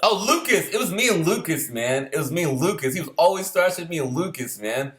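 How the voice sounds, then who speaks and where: A man's voice: fairly high pitch, animated, a little fast, a bit bright. A man casually telling a long, rambling story, swearing often and laughing between lines. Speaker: storyteller recalling boot camp.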